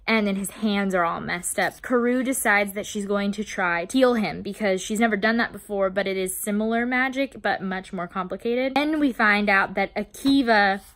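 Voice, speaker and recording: A woman's voice: medium pitch, normal speed, few pauses, fairly bright tone. A young woman casually recapping a novel for her book channel, chatty and openly emotional, swearing now and then. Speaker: book vlogger.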